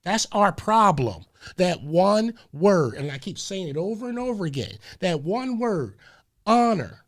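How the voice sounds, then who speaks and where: A man's voice: high-pitched, big pitch swings, unhurried. A male radio host in a community conversation, preachy, who keeps repeating phrases and stopping to say hold on, wait a minute.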